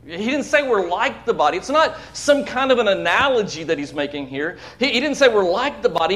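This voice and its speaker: A man preaching a sermon to his church, emphatic, swinging between loud declarations and hushed asides, often repeating words. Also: high-pitched, animated, brisk, few pauses. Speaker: pastor. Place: church sanctuary.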